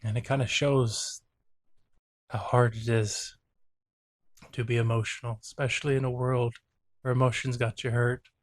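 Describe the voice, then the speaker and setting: Male therapist host, earnest reflective reaction commentary, flat delivery, dry close recording. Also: medium pitch, moderate pace, pauses often, dry recording. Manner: earnest, reflective, openly emotional.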